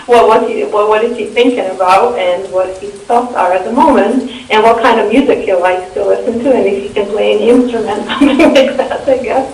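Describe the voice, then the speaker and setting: A woman's voice: medium pitch, brisk, few pauses, a little mellow. A woman with a Russian accent chatting as a guest, giggly and a little hesitant. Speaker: guest trying out as VJ. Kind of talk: casual chat. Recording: echoey room, far from mic.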